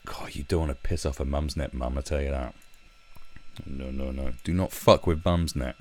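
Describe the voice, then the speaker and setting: A man's voice: extremely low pitch, moderate pace, a little mellow. A man hosting a livestream, reading and mocking a news story with sarcastic, profane asides. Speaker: livestream host. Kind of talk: ranting commentary on a news story.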